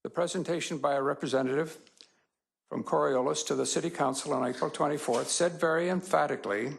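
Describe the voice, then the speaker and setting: Gravelly-voiced man reading a prepared statement. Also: medium pitch, a little hiss or hum, poor audio. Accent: Canadian English. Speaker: public delegate at a council meeting. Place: council chamber.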